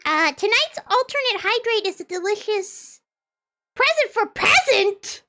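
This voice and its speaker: A woman's voice: very high voice, lively intonation, measured pace, pushed and bright. A young woman streaming a game in casual chat, chaotic and playful, trailing off and restarting with silly bits. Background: faint music.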